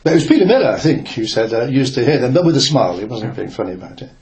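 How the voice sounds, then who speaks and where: This older man, a former newspaper reporter, races through a work memory in a mid-range, very animated voice while a crowd can be heard behind him. His reflective oral-history account wanders and hesitates, with frequent fillers and restarts.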